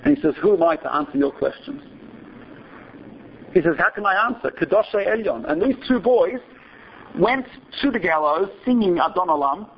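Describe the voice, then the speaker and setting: A man's voice: sits high, lively intonation, normal speed, creaky, lo-fi sound, slight background noise. A man giving a talk to an audience, telling a story in a conversational way and often checking in with "right?". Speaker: speaker.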